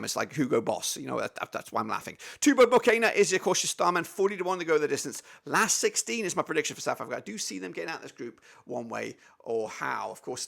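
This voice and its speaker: A man's voice: a little high, gravelly, a bit bright. A man hosting a casual football match preview, chatty and upbeat, saying "of course" over and over. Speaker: football channel host.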